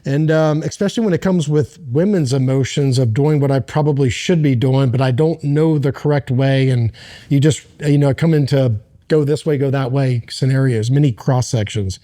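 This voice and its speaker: A middle-aged man telling a personal story as a podcast guest, earnest and halting, with many restarts. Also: mid-range voice, dark tone. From United States.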